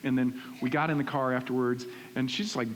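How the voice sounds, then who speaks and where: A middle-aged male pastor preaching in a church, animated and conversational, often checking in with "right?". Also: medium pitch, fast. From Texas. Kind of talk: sermon. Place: church sanctuary. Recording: reverberant church hall with faint hiss.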